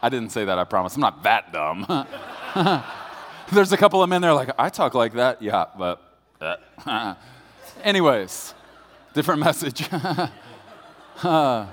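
A man's voice: mid-range voice, a little slow, pauses often, a little hiss or hum. A man preaching a sermon as pastor, telling a story with jokes and building to serious points. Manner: storytelling, animated and joking. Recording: long hall reverb.

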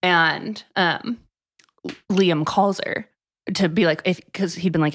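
A woman's voice: on the low side, fairly even intonation, moderate pace. A woman co-hosting a podcast, retelling a book's plot in casual chat, full of "like". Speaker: podcast co-host. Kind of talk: casual book-review chat.

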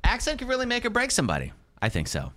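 A man's voice: very high-pitched, wildly swooping pitch, fast talker, sharp tone, no echo. Playful morning radio host man. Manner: playful, joking.

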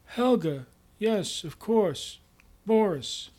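Awkward new manager, stammering, all "uh"s, pitched up, a man voicing him. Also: lively intonation, drawn-out words, darkish tone, exaggerated voice. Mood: hesitant. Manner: hesitant, full of "uh" and "um". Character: awkward hesitant new male boss.

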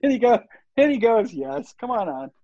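A man in his sixties, an interview guest, telling a rambling, animated story and acting out the lines of the people in it. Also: high voice, moderate pace, no room sound. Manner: rambling, animated, acts out quoted dialogue. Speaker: interview guest, surf filmmaker. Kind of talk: casual storytelling. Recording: dull lo-fi audio.

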